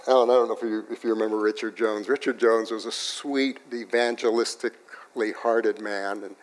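A man preaching a sermon, telling a personal story in an animated way that swings from loud to hushed, in a church. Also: medium pitch. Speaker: pastor.

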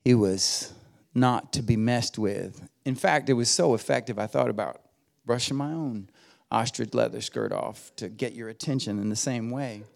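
A middle-aged man preaching from a church pulpit, his voice sitting at an ordinary middle pitch. He mixes folksy humor with mounting, emphatic exhortation. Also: normal speed, gravelly, darkish tone. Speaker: guest preacher. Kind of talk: sermon. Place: church sanctuary.

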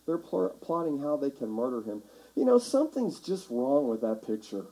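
Mellow-voiced pastor preaching. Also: male voice, medium pitch, sing-song, moderate pace, rough recording. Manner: conversational, builds to shouting for emphasis. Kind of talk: sermon. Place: church sanctuary.

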